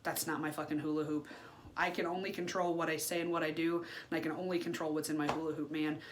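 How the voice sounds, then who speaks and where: A woman in her thirties talks candidly to camera in a personal vlog. Her voice sits on the lower side and the talk is loose and unfiltered, full of swearing and fillers. A faint hiss runs underneath. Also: level tone, fast talker. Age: 30s. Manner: frank and unfiltered, swears freely, many fillers. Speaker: vlogger.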